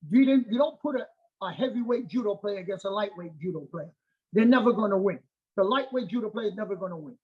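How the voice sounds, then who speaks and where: Husky-voiced martial arts master, emphatic. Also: male voice, high voice, lo-fi sound. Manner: emphatic, repetitive, checks in with "okay?". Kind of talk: casual interview talk.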